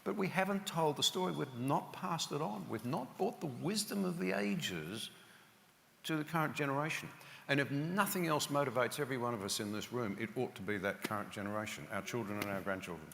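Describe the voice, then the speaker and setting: A man's voice: medium pitch, a little fast, creaky, a bit bright. Earnest older Australian man in a hall. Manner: earnest, builds to emphatic points. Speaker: panelist. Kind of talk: storytelling speech to an audience. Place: large hall with audience. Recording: reverberant hall.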